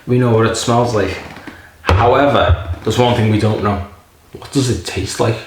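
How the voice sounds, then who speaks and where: A man's voice: fairly low pitch, moderate pace, background noise. A man casually reviewing a beer in a rambling, jokey way, swearing often. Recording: very echoey room.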